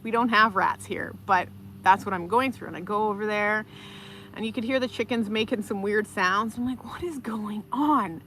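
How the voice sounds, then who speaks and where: A woman talking casually on a live stream, her voice bright and forward. She tells her stories in an animated, chatty way and reads viewer comments aloud as she goes. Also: medium pitch, normal speed, slight background noise. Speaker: livestream host.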